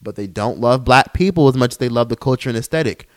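A man's voice: medium pitch, fast. A young man hosting a solo podcast, heated and profane, mocking others in put-on voices. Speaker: podcast host.

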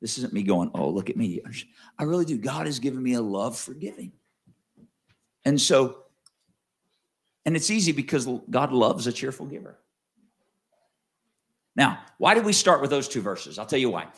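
A man preaching a sermon in a conversational way, slowing down and rising to stress key words, then dropping low for asides. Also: sing-song. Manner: conversational with wide swings in pitch and loudness, slows to stress key words. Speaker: pastor.

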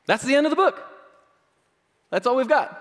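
A man's voice: very high-pitched, expressive, normal speed, fairly bright tone. A man preaching a sermon in a casual, playful way, often checking in with "okay?" and "right?". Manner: conversational, playful, many "like"s and "okay?". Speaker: pastor. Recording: long hall reverb.

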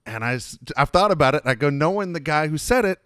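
A man's voice: fairly high pitch, expressive, quick pace, fairly bright tone, clean tone, dry recording, clean studio sound. A man in casual chat who laughs easily and retells anecdotes.

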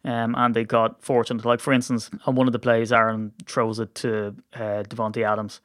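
A man's voice: medium pitch, level tone, normal speed, a bit bright, no room sound, studio quality. A man with an Irish accent hosting a casual sports podcast, rambling and self-deprecating with lots of fillers. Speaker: podcast host. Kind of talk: casual chat.

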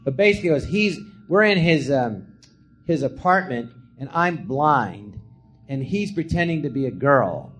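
Animated man telling stories, lively pitch. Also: normal speed, faint music behind. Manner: animated, acts out quotes in high shouted voices. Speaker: comedian guest telling stories. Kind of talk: live podcast storytelling. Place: podcast theatre before a live audience.

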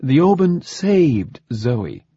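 A man voicing a gentle scientist father who explains things calmly and quickly. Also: medium pitch, breathy edge, dry recording, lo-fi sound, voice pushed up, heavily acted. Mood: explaining.

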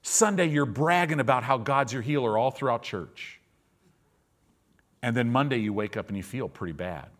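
A man's voice: medium pitch, expressive, normal speed, fairly bright tone. A male pastor preaching in a conversational way, asking his listeners questions and acting out people's reactions. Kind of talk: sermon.

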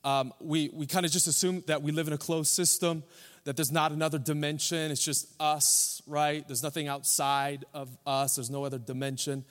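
A man's voice: a little high, little pitch movement, normal speed. A young man who is a pastor, preaching a sermon in a joking, rambling way; he says he is tired. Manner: joking, rambling, self-deprecating. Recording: long hall reverb.

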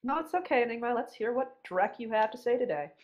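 Higher-voiced playful woman host. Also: animated, fast. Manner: playful, teasing, swears freely. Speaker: podcast host. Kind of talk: casual podcast chat.

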